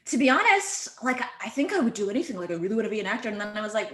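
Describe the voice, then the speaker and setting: A woman with a North American accent, a guest actress chatting casually in an interview over a video call, bubbly and quick to laugh, with lots of "like". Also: mid-range voice, big pitch swings, fairly bright tone. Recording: roomy echoey room.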